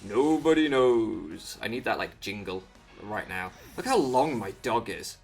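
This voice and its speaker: A man's voice: on the low side, lively intonation, normal speed. Man, chatty gameplay commentary, self-deprecating, wanders off topic, faint music behind. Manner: rambling, self-mocking, easily sidetracked. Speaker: Pokémon video creator. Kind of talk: casual rambling commentary over gameplay.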